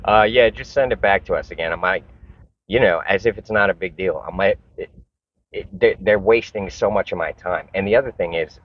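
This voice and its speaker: A man with a very low voice rants at the camera about a bad purchase. He swears freely and rambles, often stopping and restarting his sentences. The recording sounds slightly dull and lo-fi. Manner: frustrated, profane, rambling with many restarts. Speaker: vlogger. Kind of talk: casual ranting monologue.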